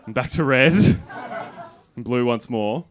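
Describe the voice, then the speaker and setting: A man, telling a self-mocking story on a comedy club stage into a handheld mic, building to animated punchlines. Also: medium pitch, unhurried, crowd noise. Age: 30s. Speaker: stand-up comedian. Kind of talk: stand-up storytelling.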